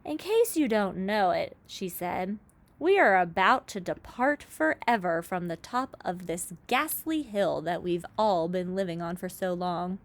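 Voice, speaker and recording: A woman doing a gentle, motherly ladybug. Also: lowish voice, animated, measured pace. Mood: kindly. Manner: warm, reassuring.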